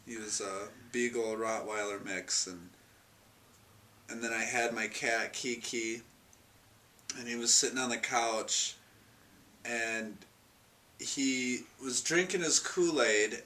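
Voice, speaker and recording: A man's voice: medium pitch, sharp tone. A man telling a fond, rambling personal anecdote in an interview, with many restarts and chuckles. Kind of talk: storytelling anecdote. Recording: distant mic, faint noise.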